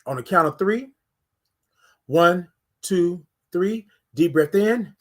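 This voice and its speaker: A man's voice: high-pitched, slow, long pauses. A man hosting a casual live morning stream, talking straight to his viewers with lots of repetition and leading them in breathing. He is recorded indoors on a camera held close to his face. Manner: energetic, talks straight to viewers, repeats phrases. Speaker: morning livestream host. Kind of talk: casual livestream talk with guided breathing. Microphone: phone or webcam close to face.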